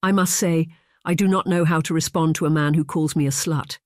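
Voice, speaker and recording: A man reading an audiobook, voicing a young, proper English gentlewoman with a prim manner. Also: a little high, steady tone, a little fast, no room sound, clean studio sound, close to an everyday voice.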